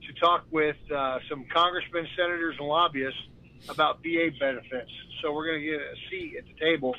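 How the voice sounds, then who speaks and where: A man's voice: on the high side, steady tone, fairly quick, dull audio. A man calling in to a talk show who chats in a laid-back, friendly way with frequent fillers. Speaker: call-in guest. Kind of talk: casual phone-in chat.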